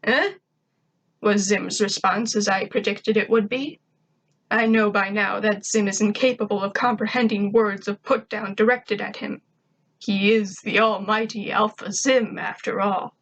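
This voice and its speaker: A woman's voice: medium pitch, fairly even intonation, moderate pace, fairly bright tone, low-quality recording. A woman reading a first-person story aloud in a snarky, conversational way. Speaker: fan fiction reader.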